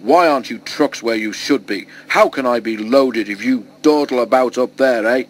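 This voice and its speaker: A man voicing a disagreeable, grumbling male stone barge who shouts rudely. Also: medium pitch, normal speed, natural voice.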